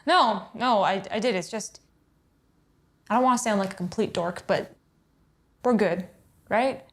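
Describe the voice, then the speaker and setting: A woman playing a grown child visiting a sick father, hesitant and gently teasing, in a stage play. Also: medium pitch, unhurried, close to an everyday voice.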